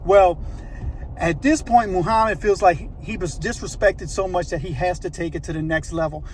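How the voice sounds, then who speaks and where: A man's voice: high voice, normal speed, slight background noise. A man telling a story in a casual, slangy, conversational way, with frequent asides to the listener.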